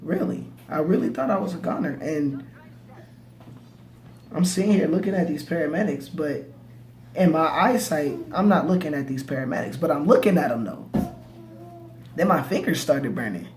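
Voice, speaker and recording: A man's voice: fairly high pitch, animated, normal speed, long pauses, a little mellow, a little hiss or hum. Young man telling a wild story. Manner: laid-back slangy storytelling with stammered restarts. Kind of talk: casual storytelling. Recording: echoey room, faint ambience.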